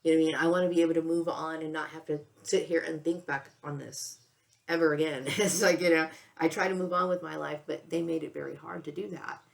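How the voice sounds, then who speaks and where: An older woman in her sixties talks straight through an emotional personal monologue, close to tears. Her voice sits low and carries a gravelly fry. She keeps restarting sentences and checking in with "okay?" and "you know.". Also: steady tone, fast talker. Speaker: vlogger.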